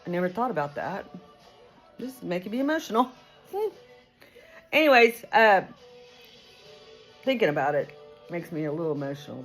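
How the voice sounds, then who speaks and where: A Texan hairdresser in her 50s chats casually to camera in her hair salon as a vlogger. Her mid-range voice is captured in a low-quality recording, and she rambles with lots of fillers.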